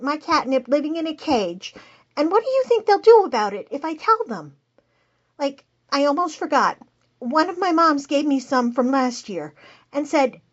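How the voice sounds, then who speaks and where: A high, swooping voice belongs to a dramatic black house cat, played by a woman, who frets out loud and loses the thread of her own complaint. The recording sounds dull and muffled, like a left message. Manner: rambling, worried, wanders off topic. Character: fretful black house cat caller, dramatic, easily distracted. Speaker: caller. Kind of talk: comedic call-in monologue.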